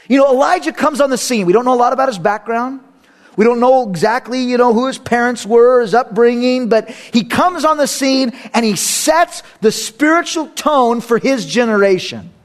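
High-voiced pastor preaching with animated storytelling. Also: male voice. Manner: animated storytelling, acting out characters; swings between loud emphasis and quiet asides. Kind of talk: sermon.

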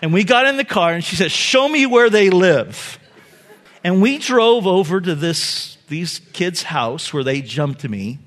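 A middle-aged pastor giving a sermon, telling a family story in a loose, conversational way with fillers and laughs. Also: male voice, fairly high pitch, lively intonation, moderate pace, few pauses, a bit bright. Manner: conversational, many fillers, laughs at own stories.

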